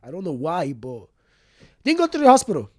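A young man talking in a casual interview, rambling and restarting with lots of fillers. His voice sits a little high, and the recording is close and dry. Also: huge pitch swings, fairly quick, no echo. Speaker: guest.

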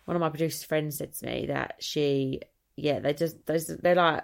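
A woman with an Essex accent chats on her own podcast in a rambling, friendly way and often acts out what other people say. Her voice sits a little low and has a strong gravelly fry. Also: fairly even intonation. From Essex, England. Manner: chatty, rambling, quick to quote others. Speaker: podcast host. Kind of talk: casual solo chat.

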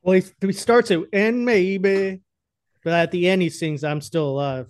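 A man's voice: on the high side, a little fast, smooth, no echo. A young man co-hosting a podcast in casual, rambling chat, crude and often laughing. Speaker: podcast co-host.

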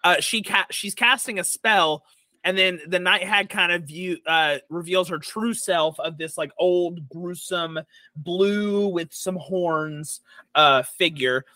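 A man narrating as dungeon master in a tabletop game, halting with many fillers and restarts. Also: sits high, pushed and bright, no echo.

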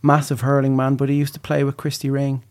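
A man's voice: mid-range voice, completely flat delivery, quick pace, darkish tone. A man, a guest impressionist telling stories in casual podcast chat. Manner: chatty storyteller who slips into voices.

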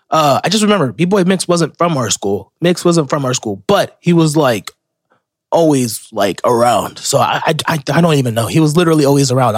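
Speaking in a slightly high voice with clean studio sound and no echo, a young man from Florida hosts a solo podcast. His casual monologue is full of rambling, profane stories and self-interruptions.

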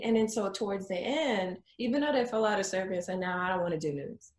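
Woman photographer, chatty and animated, mid-pitched, recorded in an echoey room. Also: a little fast, a little hiss or hum. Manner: lively, acts out her clients in a high voice. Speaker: boudoir photographer. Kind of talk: casual interview storytelling.

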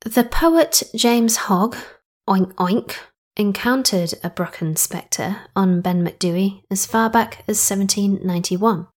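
A young woman hosting a podcast in a casual, chatty way, drifting into asides and correcting herself mid-sentence. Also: medium pitch. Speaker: podcast host.

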